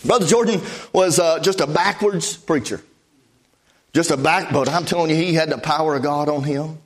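A man with a notably high voice preaches from the pulpit. He tells a testimony story in a folksy, plainspoken way, stacking up "I said" asides. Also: moderate pace. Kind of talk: storytelling sermon.

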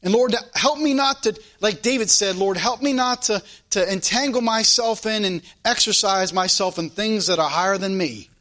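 A man's voice: high voice, normal speed, hardly any pauses, pushed and bright. A man preaching a sermon and leading a closing prayer, with a fervent, repetitive preaching cadence. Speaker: pastor.

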